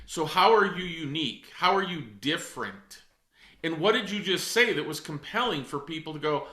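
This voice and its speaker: A man's voice: on the high side, very animated, normal speed, sharp tone, echoey room. A middle-aged man coaching real estate agents in a direct, emphatic way, calling his listeners folks. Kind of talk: coaching talk.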